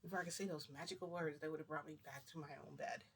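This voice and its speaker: A man's voice: fairly high pitch, fairly even intonation, rapid-fire, fairly bright tone, slight background noise. A man casually retelling a personal story to the camera, rambling and acting out dialogue with "I'm like" and "he goes". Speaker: vlogger.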